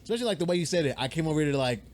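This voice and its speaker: A young man co-hosting a podcast, telling a story in a rambling, animated way, swearing freely and acting out the voices of people he quotes. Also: a little high, very fast, a little hiss or hum. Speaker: podcast co-host. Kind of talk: casual storytelling chat. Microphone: podcast mic.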